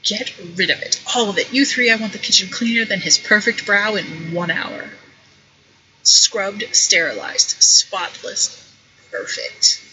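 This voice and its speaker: A woman's voice: mid-range voice, measured pace, sharp tone, a little hiss or hum, poor audio. A woman voicing a grandiose, furious male imperial overseer in a storybook game, barking orders. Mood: commanding.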